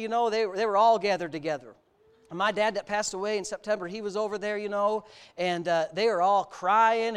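A man's voice: very high-pitched, a bit bright, clear, resonant tone. A male pastor from the United States giving a candid personal testimony in a sermon, mixing self-mocking humor with serious storytelling.

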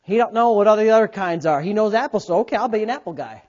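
A man preaching a sermon as pastor, swinging between loud bursts and quiet asides. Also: sits high, lively intonation, very fast. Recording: dull lo-fi sound.

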